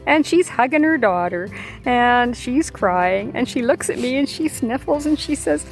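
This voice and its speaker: A woman's voice: fairly high pitch, animated, measured pace, faint music behind. An older woman, a grandmother, hosting a podcast and telling a heartfelt personal story in a conversational way. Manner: heartfelt, conversational with fillers and repeats. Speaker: podcast host. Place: outdoors or near open air, plane overhead.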